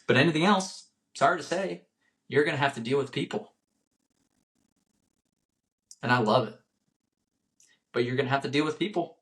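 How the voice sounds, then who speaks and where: Young male podcast host at mid pitch, earnest, repeats himself for emphasis. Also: a bit bright. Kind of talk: solo motivational podcast talk.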